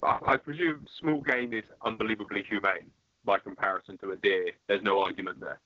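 A man hosting an interview, asking leading questions in a relaxed conversational way. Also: on the low side, fairly quick, no echo, lo-fi sound. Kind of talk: casual interview talk.

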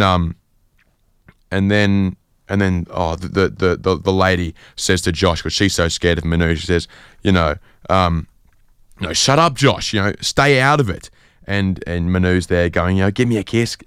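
A man from Sydney hosting a radio show, telling a rambling story in a deadpan style full of fillers. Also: low-pitched, smooth, no room sound, studio quality. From Sydney, Australia. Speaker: radio host. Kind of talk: comedic casual radio chat.

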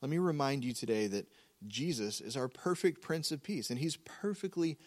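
A male pastor preaching a sermon in a calm, measured way, slowing down to repeat key words for emphasis. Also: medium pitch.

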